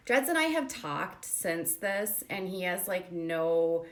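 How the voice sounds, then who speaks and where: A woman with a notably low voice tells a long story as the host of a commentary channel. She chats loosely with plenty of fillers and slips into the voices of the people she quotes. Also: big pitch swings, takes it slowly. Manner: chatty, many fillers, acts out quoted dialogue. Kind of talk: casual storytelling monologue.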